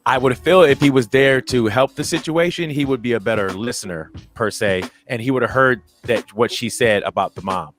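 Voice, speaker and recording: A man's voice: brisk, hardly any pauses. A man co-hosting a podcast, telling a story casually and acting out the people in it with big jumps in his voice. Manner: animated retelling, acts out quoted voices with big pitch jumps. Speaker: podcast co-host.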